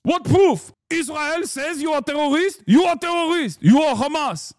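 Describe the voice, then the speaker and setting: Man doing a high, shouty broken-English heckler; pushy and accusatory, dry close mic. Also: lively intonation, moderate pace, dry recording. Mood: indignant shouting.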